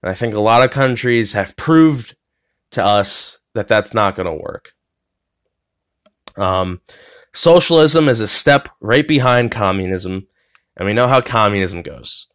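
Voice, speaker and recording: A man's voice: lowish voice, animated, measured pace, a bit bright. A young man talking casually on his own podcast from his bedroom, rambling with plenty of fillers, restarts and swearing. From United States. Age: young adult. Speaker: podcast host. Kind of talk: rambling solo podcast talk.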